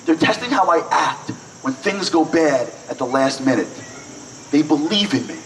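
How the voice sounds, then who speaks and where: A man's voice: on the high side, normal speed, reverberant, far from the mic, slight background noise, low-quality recording. A man telling a story at a breakfast event, acting out the people in it. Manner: animated, acts out quoted voices. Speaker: speaker. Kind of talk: storytelling speech. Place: event hall.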